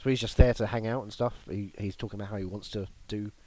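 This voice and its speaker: A man's voice: quick pace, dry recording. A British man co-hosting a comedy podcast, rambling and joking in casual chat. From United Kingdom. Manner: jokey, rambling, with lively swings in pitch. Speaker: podcast co-host.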